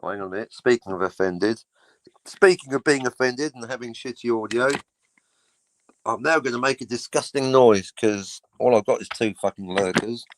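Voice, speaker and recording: A man's voice: mid-range voice, normal speed, slight background noise, low-quality recording. A middle-aged man, hosting a livestream and ranting sarcastically, swearing freely. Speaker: livestream host. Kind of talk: casual livestream chat.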